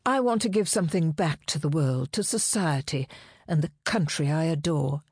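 A woman reading an audiobook, voicing a man, a fiancé who talks earnestly and turns shrill and snappish when challenged. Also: animated, normal speed, a little mellow, breathy edge, no echo, studio quality, full character voice. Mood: earnest, indignant. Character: pompous, indignant fiancé, a man.

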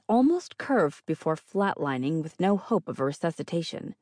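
A woman's voice: deep voice, sing-song, normal speed, few pauses, mellow, no room sound. A woman narrating first-person fiction as an audiobook reader, with a wry, dry delivery.

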